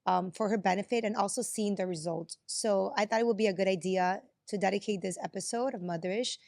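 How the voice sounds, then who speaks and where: A woman's voice: medium pitch, brisk, gravelly, no room sound. A woman hosting a podcast, effusive and encouraging in casual chat. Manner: warm, effusive, thanking and encouraging. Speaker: podcast host.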